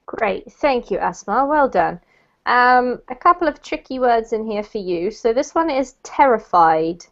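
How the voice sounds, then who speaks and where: A woman's voice: a little high, lively intonation, a little slow, muffled recording. A woman teaching an English lesson, patiently explaining meanings and word stress to her students. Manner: patient, explains pronunciation step by step. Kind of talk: online language lesson.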